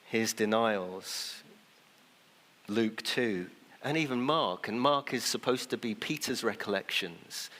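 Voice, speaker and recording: Man, pastor, sermon, conversational, acts out quotes, lowish voice, long church reverb. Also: slow, fairly bright tone.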